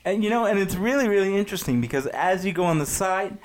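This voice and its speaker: A man co-hosting a casual comedic podcast, drawing things out slowly and talking to listeners directly. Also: high voice, lively intonation, a little hiss or hum. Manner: slow, drawn-out build-ups, folksy asides to listeners. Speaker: podcast co-host.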